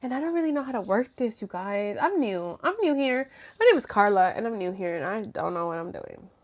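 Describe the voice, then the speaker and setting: A woman's voice: medium pitch, expressive, fairly quick. A woman hosting a casual live stream from home, chatty and rambling, swearing freely. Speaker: livestream host. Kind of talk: casual livestream chat.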